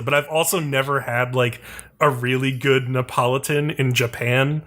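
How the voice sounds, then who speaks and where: Casting note: man, casual podcast co-host, middle pitch, relaxed, quick to agree and laugh. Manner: brief agreeing interjections, easy laughter. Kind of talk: casual chat.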